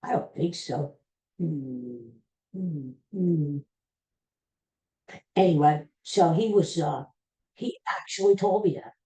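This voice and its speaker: Mellow-voiced man telling a rambling story. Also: on the high side, slow, pauses often. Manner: rambling, self-deprecating humor. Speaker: podcast host. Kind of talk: casual storytelling monologue. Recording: roomy echo.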